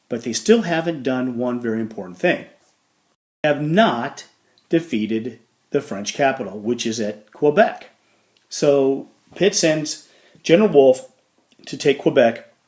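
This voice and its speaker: A man's voice: medium pitch, a little mellow. A man giving a casual history lecture over slides, his voice in a middle register. He talks in a loose, conversational way, with fillers and playful asides. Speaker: history teacher.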